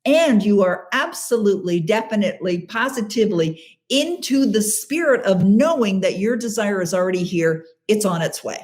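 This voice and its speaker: A woman's voice: medium pitch, animated, moderate pace, darkish tone. A middle-aged woman hosting a live question-and-answer show, coaching listeners in an emphatic, encouraging way and repeating key phrases for stress. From Canada.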